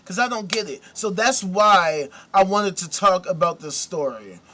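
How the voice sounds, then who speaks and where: On his commentary show, a male host launches into an indignant, casual rant full of profanity and repeated rhetorical questions. His voice sits high, pushed and bright, with lively intonation at a measured pace.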